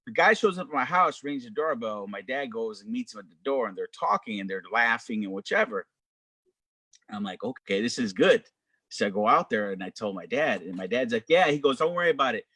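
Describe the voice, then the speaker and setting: A middle-aged man being interviewed as a DJ guest, telling a story with animated quoted voices. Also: medium pitch, brisk, husky, no echo.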